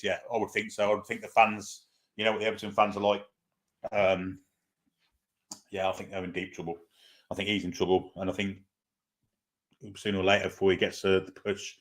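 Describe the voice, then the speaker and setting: His voice sits on the low side and sounds a bit bright. This man hosts a football fan watchalong, offering casual live-stream chat and pre-match commentary, reading viewer comments aloud before answering and hesitating with lots of fillers.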